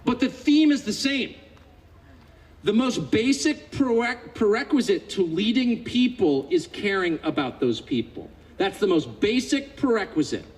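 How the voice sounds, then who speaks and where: A man's voice: high-pitched, very animated, unhurried, rough recording. A man in his fifties from California giving a political speech to a live audience, sarcastic and mocking, building to indignant outbursts. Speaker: public speaker.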